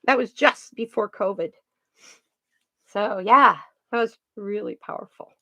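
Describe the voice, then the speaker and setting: Brief: mid-pitched woman host, earnest storyteller, dry close sound. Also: measured pace, no room sound, dull audio. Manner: earnest, animated, trailing restarts. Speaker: card reader and channel host. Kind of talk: casual storytelling chat.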